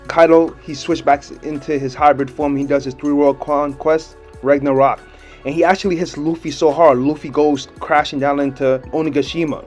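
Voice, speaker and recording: A man's voice: fairly high pitch, a little mellow. A young man giving a casual video review of a comic chapter, talking in a laid-back, slangy way and laughing often.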